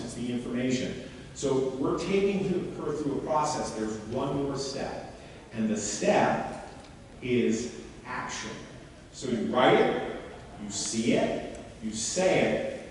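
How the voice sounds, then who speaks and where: A man giving a live workshop demonstration to an audience and coaching a volunteer on stage in an animated, questioning way. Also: mid-range voice, a little hiss or hum. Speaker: seminar speaker. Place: large hall before an audience. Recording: echoey hall, mic far off.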